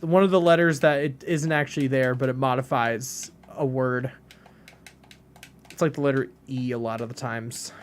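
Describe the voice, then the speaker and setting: Guy streaming a game, rambly chill chat with his viewers, soft keyboard clicks and a little noise behind. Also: mid-range voice. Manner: rambling, chatty, lots of "like" fillers. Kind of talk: casual chat while playing.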